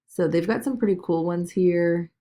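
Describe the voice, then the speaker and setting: A woman giving a chatty screen-recorded software tutorial, talking through each click with lots of "okay" and "all right". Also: lowish voice, normal speed. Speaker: business video tutor.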